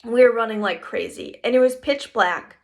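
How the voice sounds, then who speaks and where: A woman reading a first-person children's story aloud in a lively storytelling manner. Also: a little high, moderate pace. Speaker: reader. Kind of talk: audiobook narration.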